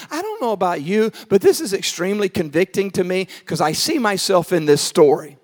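High-pitched pastor preaching, acts out voices, lots of hall reverb. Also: male voice, brisk, few pauses. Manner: animated storytelling, acting out voices, shouting then dropping low. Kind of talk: sermon.

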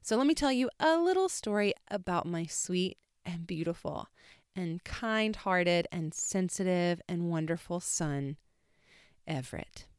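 A woman's voice: fairly low pitch, lively intonation, measured pace, clear, resonant tone, no echo, clean studio sound. A woman in her thirties, a podcast host, telling a rambling, emphatic story in casual chat with lots of fillers. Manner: chatty, rambling, warmly emphatic with many fillers.

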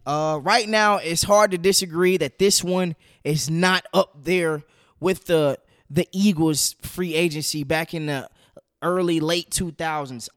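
A man with a high-pitched voice talks through football trades in a loose, opinionated monologue. He gets animated and slangy as he makes his case. The recording is dry and close, with no room sound. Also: a little slow, no echo. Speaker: sports commentator. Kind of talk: casual sports opinion talk.

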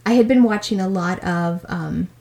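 A woman's voice: lowish voice, moderate pace, mellow. Woman co-host, playful and giggly, casual chat. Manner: playful, giggly, slips into mock accents. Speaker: podcast co-host.

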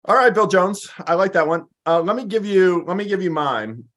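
A man's voice: sits high, expressive, moderate pace, a bit bright. A man co-hosting a sports show, reeling off stats in an upbeat, jokey way. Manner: stat-heavy, upbeat, jokey. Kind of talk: casual sports talk.

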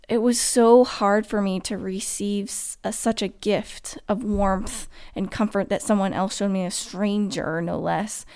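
A woman's voice: mid-range voice, smooth. Emotional woman retelling a hard experience. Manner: emotional, halting, many restarts and fillers. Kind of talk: personal storytelling to camera.

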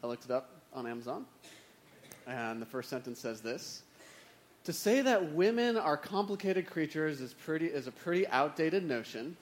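A man gives a sermon in a relaxed, conversational way, dropping wry, self-mocking asides. His voice sits a little high for a man. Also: normal speed, slight background noise. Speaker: preacher.

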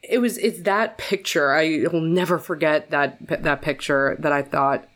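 A woman telling a painful personal story in a casual podcast chat, with many fillers and restarts. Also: a little slow. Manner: jumps to a much higher, more animated voice when quoting people.

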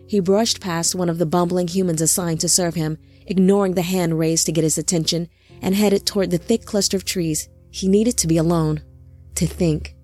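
A woman narrating a dark fantasy audio drama in a slow, measured read. Her voice sits on the low side, and each sentence is delivered with deliberate, even care. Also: soft background music.

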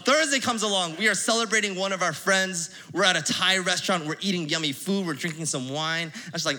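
A young man telling a lively personal story at church, laughing and acting out his own reactions. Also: high-pitched, a little fast, hardly any pauses. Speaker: church speaker sharing a testimony. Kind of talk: sermon storytelling.

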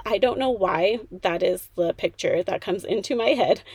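A woman's voice: medium pitch, darkish tone, no room sound. A woman in her thirties hosting a motivational podcast, talking in a peppy, chatty way straight to the listener. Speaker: podcast host.

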